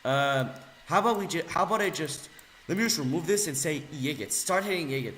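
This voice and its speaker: Young man ranting in a bright, echoey room. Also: on the high side, expressive, a little fast. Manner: mocking, insulting, swings from mutters to yells. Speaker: video ranter. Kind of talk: angry rant video.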